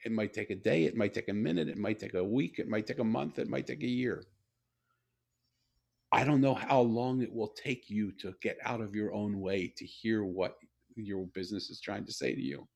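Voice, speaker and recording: A man speaking as a guest, telling stories in a slow, earnest, reflective way with repeated phrases. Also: on the low side, creaky, a little mellow. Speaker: guest, storyteller and author. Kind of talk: reflective conversational storytelling.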